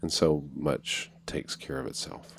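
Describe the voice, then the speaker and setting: A man chatting casually on a podcast, playful and given to campy high-voiced asides. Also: little pitch movement, measured pace, slight background noise. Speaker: podcast guest. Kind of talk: casual chat.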